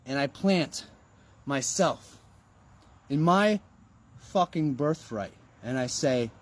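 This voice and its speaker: A man's voice: medium pitch, animated, slow. A man giving a motivational monologue in an emphatic, preachy way, with rhetorical questions and some swearing.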